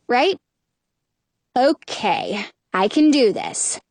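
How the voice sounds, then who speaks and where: A woman narrating a first-person children's story in an expressive, lively reading voice. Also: on the high side, no room sound. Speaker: audiobook narrator.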